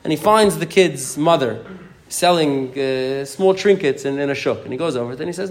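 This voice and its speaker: A man teaching an informal Talmud class, telling the story in a rapid, animated way and often restarting his sentences. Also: on the high side. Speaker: Torah teacher.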